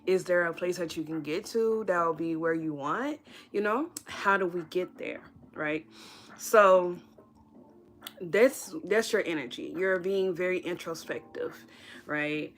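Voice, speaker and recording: A woman's voice: on the low side, measured pace, a little hiss or hum. A woman giving a casual, reassuring tarot reading on a livestream, chatty, with many "right?" tag questions. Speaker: tarot reader.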